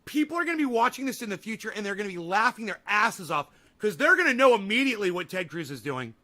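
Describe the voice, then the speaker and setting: A man with a very high, piercingly bright voice rants through a livestream, swearing freely. He yells hoarse exasperation at his chat, then sinks into low, sheepish muttering before building up again. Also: sing-song, quick pace. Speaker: livestream host. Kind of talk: ranting live commentary.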